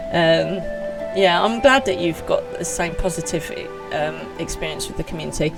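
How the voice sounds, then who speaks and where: A woman's voice: on the low side, moderate pace, gravelly, over music, low-quality recording. A woman streaming live, chatting casually and with self-deprecating humor as she reads out messages from viewers. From United Kingdom.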